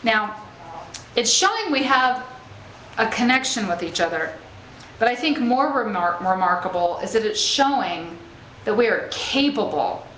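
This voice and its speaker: A woman's voice: on the high side, very animated, unhurried, fairly bright tone. A woman giving an inspirational spiritual talk to a live group, conversational and checking in with her listeners as she goes. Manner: conversational, checks in with "okay?" and "right?"; laughs easily while telling stories. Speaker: spiritual speaker. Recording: echoey room with faint ambient noise.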